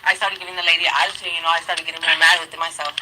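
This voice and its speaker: A woman's voice: lowish voice, level tone, very fast, background noise. A woman being interviewed, telling her own story in a heated, profane way and acting out what she said back then. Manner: profane, heated retelling with quoted outbursts. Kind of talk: candid personal storytelling.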